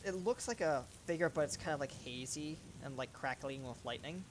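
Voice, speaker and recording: A man's voice: fairly high pitch, fairly quick, a little hiss or hum. A man narrating as game master of a tabletop game, casual and full of fillers. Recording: rain and thunder ambience.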